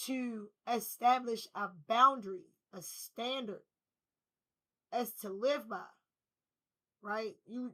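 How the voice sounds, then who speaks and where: Woman spiritual reader, bright tone, emphatic casual delivery with swearing. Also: on the high side, rough recording. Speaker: tarot reader. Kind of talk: spiritual reading to camera.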